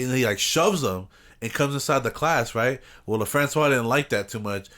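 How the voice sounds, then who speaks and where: A man's voice: medium pitch, moderate pace, a bit bright. Rambling, cursing guy. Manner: rambling storyteller, heavy swearing, laughs a lot. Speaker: podcast co-host. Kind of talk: casual chat.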